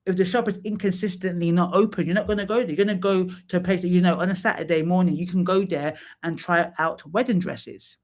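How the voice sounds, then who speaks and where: A man's voice: high voice, fairly even intonation, quick pace, few pauses. A man hosting a live stream, giving candid, chatty feedback and calling viewers by name. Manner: drops into sung snatches and playful asides. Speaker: live stream host reviewing profiles. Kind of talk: casual live stream chat.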